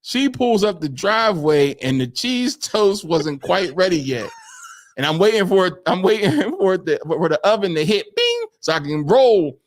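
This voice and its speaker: A man co-hosting a podcast, telling a story in casual chat, animated, acting out quotes and laughing often. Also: high-pitched, normal speed. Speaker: podcast co-host.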